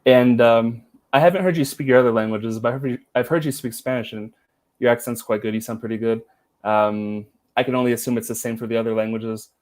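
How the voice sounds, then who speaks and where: A man hosting a live-streamed podcast, chatty and quick to laugh as he talks to his guest and viewers. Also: mid-range voice, fairly even intonation, a little mellow. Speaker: podcast host. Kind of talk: live-streamed casual interview.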